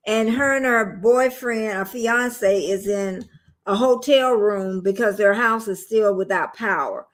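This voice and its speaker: A woman's voice: medium pitch, measured pace. A woman, chatting casually with viewers on a phone livestream, rambling and calling them y'all. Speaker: livestream host.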